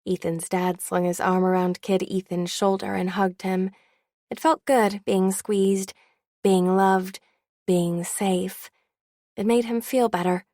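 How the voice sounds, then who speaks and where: A woman's voice: mid-range voice, steady tone, slow, warm tone, no room sound, clean studio sound. A woman narrating an audiobook in the first person with a wry, candid tone.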